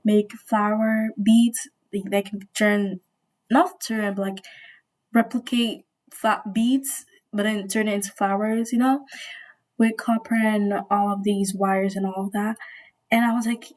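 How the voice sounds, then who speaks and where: A woman's voice: mid-range voice, fairly even intonation, measured pace, darkish tone, poor audio. A young woman vlogger, a little sick, rambling and gushing in casual slangy storytime chat.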